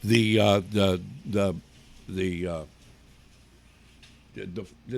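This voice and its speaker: A man's voice: low voice, fairly even intonation, drawn-out words, creaky. A man hosting a talk show from his living room, rambling bluntly and crudely with many restarts. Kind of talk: casual rambling monologue on a livestream.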